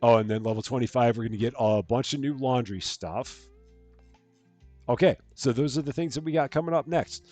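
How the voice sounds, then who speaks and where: A man's voice: mid-range voice, fairly quick, warm tone, dry recording, faint music behind. A man hosting a live stream of a store-running game, chatting casually, reading out jokes and greeting chat viewers. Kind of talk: casual gameplay commentary.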